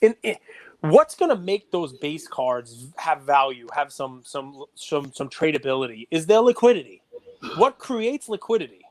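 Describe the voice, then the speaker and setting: A man's voice: fairly high pitch, moderate pace. A middle-aged man co-hosting a podcast, chatting casually and getting worked up as he rants. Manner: animated, gets worked up and ranty. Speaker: podcast co-host. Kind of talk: casual chat.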